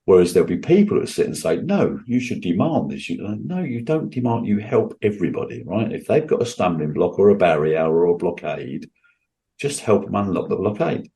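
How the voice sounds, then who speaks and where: A man's voice: sits low, sing-song, brisk, mellow. A man, a guest on an interview show, telling personal stories in an earnest, emphatic way with frequent restarts. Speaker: guest entrepreneur.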